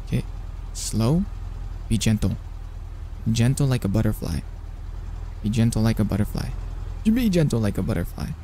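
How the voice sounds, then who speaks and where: A young man giving live gameplay commentary as a streamer, excitable and flustered, talking to himself and repeating words over and over. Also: lowish voice, a little hiss or hum.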